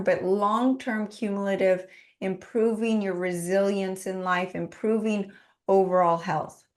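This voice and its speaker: A woman in her forties, a podcast guest, telling a personal story in an earnest, heartfelt way. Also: medium pitch. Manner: earnest, heartfelt, lists things in a steady run. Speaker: podcast guest, business owner.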